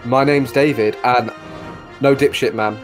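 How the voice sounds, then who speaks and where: A man hosting a podcast, chatting casually with friends in a lively way. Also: mid-range voice, unhurried, music in the background. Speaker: podcast host.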